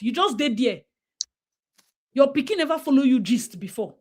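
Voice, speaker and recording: A woman's voice: high-pitched, expressive, moderate pace, long pauses, darkish tone. A woman with a Nigerian accent talking emphatically in a casual discussion, slipping into Pidgin and acting out what parents say. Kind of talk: casual talk-show discussion.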